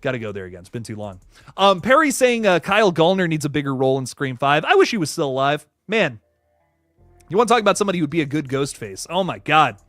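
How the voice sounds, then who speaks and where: Male streamer host, animated pitch, dry close mic, faint music bed, rambling and laughing. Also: quick pace, no echo. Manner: rambling, laughs a lot, frequent restarts. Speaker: YouTube host reading live chat. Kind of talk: casual livestream chat.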